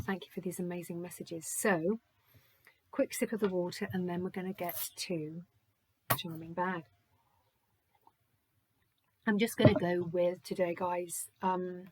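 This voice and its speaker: A woman's voice: fairly low pitch, a little hiss or hum. A woman doing a spiritual charm reading, gushing and thankful as she thinks aloud. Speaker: oracle reader.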